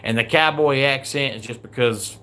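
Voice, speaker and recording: Bright-voiced Southern man ranting casually. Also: medium pitch, normal speed. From American South. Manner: chatty, grumbling, reads viewer comments aloud. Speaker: livestream host. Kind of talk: casual livestream countdown chat.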